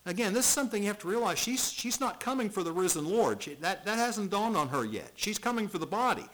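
A middle-aged male pastor preaching an expository sermon, reading scripture aloud and repeating words as he swings from loud to hushed. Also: sits high, very animated, fast talker, slight background noise, poor audio.

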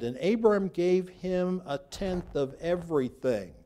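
A man's voice: fairly high pitch, animated, moderate pace, hardly any pauses, mellow. Man teaching a Bible class. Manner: reads scripture aloud, then adds dry asides; talks loosely, with restarts, while pointing at a map.

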